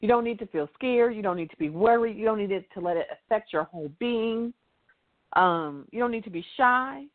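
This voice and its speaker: A woman's voice: medium pitch, expressive, fairly quick. A woman guest speaker on a radio talk show, speaking in an emphatic, motivational way with lots of repetition. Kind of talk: casual call-in radio talk. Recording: tinny phone line.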